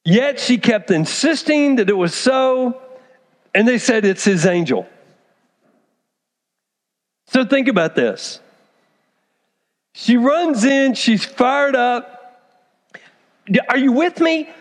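High-voiced male pastor preaching in a hall. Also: slow, long pauses. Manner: animated storytelling, acts out characters. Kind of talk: sermon. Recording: long hall reverb.

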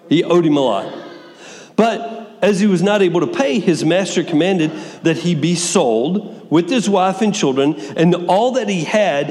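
A man preaching a sermon, reading scripture aloud with lively swings between soft asides and raised, dramatic passages. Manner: lively, wide swings in pitch and loudness, reads scripture dramatically. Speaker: pastor. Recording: long hall reverb.

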